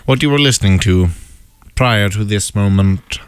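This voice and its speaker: A young man co-hosting a casual podcast, talking in a deadpan way and slipping into silly voices. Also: on the low side, normal speed, clean tone, no echo. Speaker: co-host.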